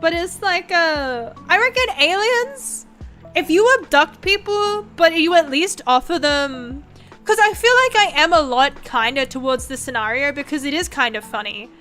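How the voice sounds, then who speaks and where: Young woman, high bright voice, rambling sweary chat, faint music behind; casual streamer read. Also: normal speed. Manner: sweary, rambling, animated storytelling. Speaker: vtuber streamer.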